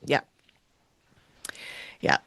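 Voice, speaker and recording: A woman's voice: extremely slow, fairly bright tone, dry recording, clean studio sound. A woman co-hosting a podcast, chatting casually as she recaps scenes and quotes what people said. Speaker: podcast co-host.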